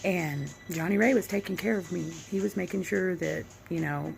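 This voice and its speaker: Gravelly woman telling a story. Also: on the low side, soft background music, poor audio. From Oklahoma. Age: 40s. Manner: candid, reflective, halting with fillers. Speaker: vlogger. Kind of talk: personal storytelling.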